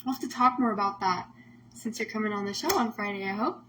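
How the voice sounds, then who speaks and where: A woman's voice: mid-range voice, fairly even intonation, fairly quick, background noise. A woman host talking casually on a livestream, emotional and rambling, full of "like" fillers. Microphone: phone or webcam on a livestream.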